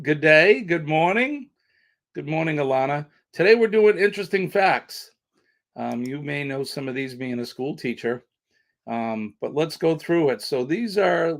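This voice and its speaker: A man's voice: mid-range voice, vocal fry. A man hosting a casual live stream, chatting with viewers in the comments.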